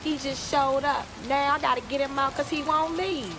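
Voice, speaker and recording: A woman's voice: high voice, fairly even intonation, moderate pace. An actress playing an exasperated young woman insisting and defending herself in a heated argument at home. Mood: insistent. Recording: clear rain noise in a film scene.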